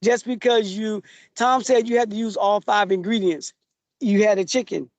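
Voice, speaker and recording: A man's voice: high-pitched, steady tone, moderate pace, no room sound. A male chef as a podcast guest, chatting casually and giving opinions with a laugh. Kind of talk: casual recap chat.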